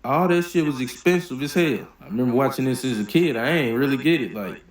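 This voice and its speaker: A man hosting a movie reaction video, giving blunt, profane, animated opinions in casual commentary. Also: mid-range voice, brisk, hardly any pauses, roomy sound.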